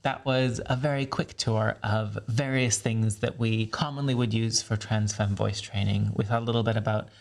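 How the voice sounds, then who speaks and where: A man's voice: fairly low pitch, steady tone, normal speed, gravelly, few pauses. A man hosting a voice training lesson. He explains each technique in an upbeat way and laughs often. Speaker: voice coach. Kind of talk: instructional video.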